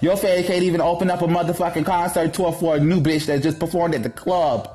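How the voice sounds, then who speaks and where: A man ranting in a gossip commentary vlog, brash and profane, with a sassy, sharp-tongued delivery. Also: on the high side, steady tone, fairly quick, few pauses, faint music behind.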